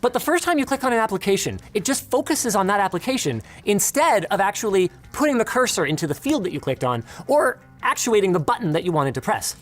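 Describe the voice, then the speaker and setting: A woman's voice: medium pitch, big pitch swings, quick pace, hardly any pauses, soft background music. A woman presenting a scripted tech review, complaining emphatically with a sarcastic edge.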